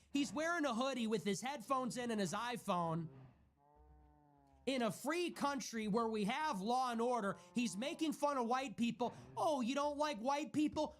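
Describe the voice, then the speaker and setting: A man's voice: high voice, fairly bright tone. A man hosting a livestream, ranting in a heated, profane way and repeating himself for emphasis. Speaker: livestream host. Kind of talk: heated solo livestream rant.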